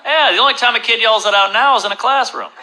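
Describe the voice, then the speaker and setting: A man performing a stand-up comedy set with deadpan dark one-liners and questions to the crowd, on a club stage. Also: extremely high pitch, quick pace. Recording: loud background noise.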